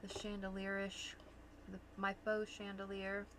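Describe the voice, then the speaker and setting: A woman's voice: medium pitch, completely flat delivery, unhurried, noisy background. A middle-aged woman hosting a crafting livestream, chatting casually with her daughter and laughing easily. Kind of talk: casual chat while crafting.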